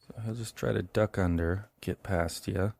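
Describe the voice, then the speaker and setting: Low voiced guy running a horror tabletop game, chill and chatty, dry sound. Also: normal speed, gravelly, no room sound. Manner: relaxed, chatty narration with fillers. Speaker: game master.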